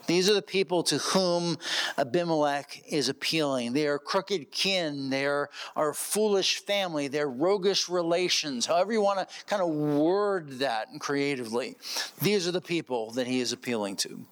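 A man's voice: a little high, unhurried, fairly bright tone. A man preaching an expository sermon, reading verses and posing rhetorical questions to the congregation. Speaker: pastor.

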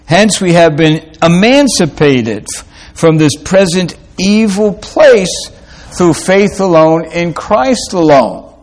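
A man's voice: high voice, expressive. Man preaching an emphatic sermon. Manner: preaching with rising emphatic peaks and rhetorical questions; quick asides between slow, stressed phrases. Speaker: pastor.

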